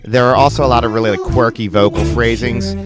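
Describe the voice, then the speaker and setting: A man's voice: medium pitch, steady tone, quick pace. A man hosting his channel, giving a casual track-by-track album review with enthusiastic, chatty talk. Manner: enthusiastic, chatty, lots of "like" and "crazy". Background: the album's music playing under the talk.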